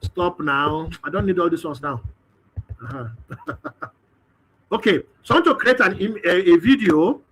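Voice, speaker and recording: A man's voice: high-pitched, expressive, moderate pace, pauses often, a bit bright, slightly rough. A man presents a webinar, thinking aloud through a live screen-share demo with hesitant fillers.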